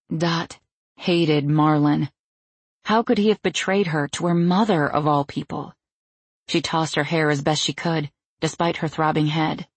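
A woman reading fiction aloud in a steady, measured way. Her voice is low with a husky grain. The recording is dry and close, with no room echo. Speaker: audiobook narrator. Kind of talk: scripted narration.

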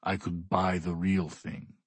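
A man voicing a bored, blunt male billionaire in an audiobook, speaking flatly and without interest. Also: breathy edge, no room sound, heavily acted. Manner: flat, unimpressed, slow and low. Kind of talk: audiobook character voice.

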